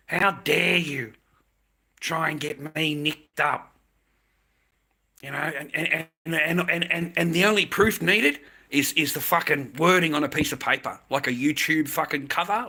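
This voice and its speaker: A man's voice: on the high side, normal speed, bright, forceful tone, slightly rough. An Australian man on a livestream, ranting heatedly, swearing constantly and repeating himself. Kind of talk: angry livestream rant.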